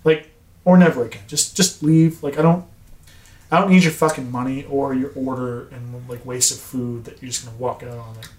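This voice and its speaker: A man telling a story in casual podcast chat, animated, acting out dialogue and swearing often. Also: medium pitch, moderate pace. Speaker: podcast co-host. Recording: echoey room.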